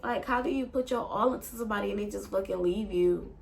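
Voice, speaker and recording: A woman's voice: mid-range voice, fast talker, creaky. Rambling woman telling a breakup story. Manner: rambling, emotional, swears a lot. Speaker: vlogger. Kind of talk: casual storytime.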